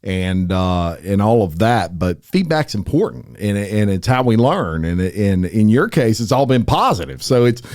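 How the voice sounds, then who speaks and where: Middle-aged host, animated folksy storyteller, dry close sound. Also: male voice, lowish voice, unhurried, few pauses, no room sound. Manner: folksy storyteller, lively and laughing. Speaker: podcast host. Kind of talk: casual interview chat.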